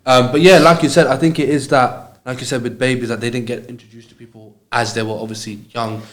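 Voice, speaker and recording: A man co-hosting a podcast, talking quickly and casually, often agreeing. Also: medium pitch, level tone, fairly bright tone. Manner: quick, friendly, lots of agreeing. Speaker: podcast co-host.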